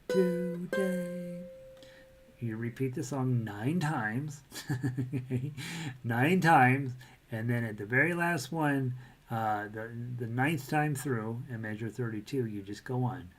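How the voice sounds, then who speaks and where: A man teaching a casual ukulele lesson, chatty and self-deprecating, breaking into bits of sung melody. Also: medium pitch. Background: ukulele playing.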